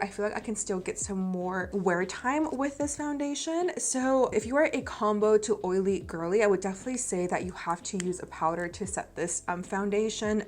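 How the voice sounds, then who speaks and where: A woman in her thirties doing a chatty, bubbly makeup review vlog, talking straight to her viewers. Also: mid-range voice. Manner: chatty, bubbly, talks to viewers as "you guys". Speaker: beauty vlogger.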